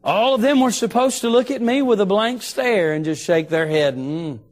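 A middle-aged man preaching in a church, his voice sitting high for a man. He tells a story from the pulpit and slows right down to lean on the words that matter, while soft music plays faintly underneath. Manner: storytelling, slows for emphasis on key phrases. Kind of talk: sermon. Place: church sanctuary.

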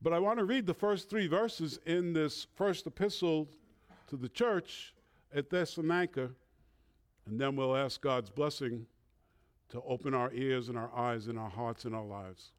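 Filling in as a substitute pastor, a man with a northern accent and a medium-pitched voice preaches a sermon in church. He's earnest and measured, with an occasional filler.

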